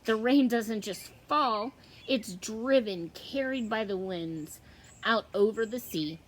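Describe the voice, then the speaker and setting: A woman teacher reading a novel aloud with slow, expressive storytelling. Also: fairly high pitch, a little hiss or hum.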